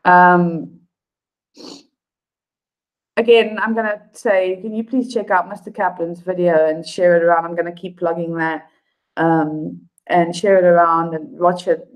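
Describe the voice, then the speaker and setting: A woman's voice: lowish voice, little pitch movement, a little slow, rough recording. A woman vlogger chatting on a live stream, rambling and heartfelt with lots of fillers. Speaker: YouTube vlogger. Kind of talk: casual live-stream chat.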